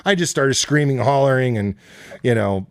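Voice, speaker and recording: A man's voice: medium pitch, normal speed, clean tone, dry recording. A man telling rambling, profane road-trip stories as a podcast guest in a basement studio. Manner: rambling, profane, animated storytelling. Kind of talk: casual storytelling.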